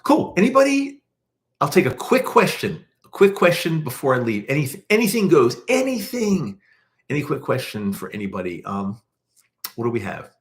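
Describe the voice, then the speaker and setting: A man's voice: on the high side, wildly swooping pitch, normal speed. Male podcast host with a Baltimore accent, casual and rambling on a live chat stream. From Baltimore, USA. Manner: rambling, chatty, many restarts and fillers.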